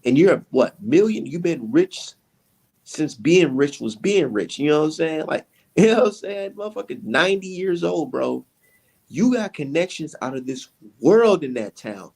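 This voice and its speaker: Gravelly, animated man in heated chat. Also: fairly high pitch, normal speed. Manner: heated, profane, rambling. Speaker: podcast co-host. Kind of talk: casual boxing chat.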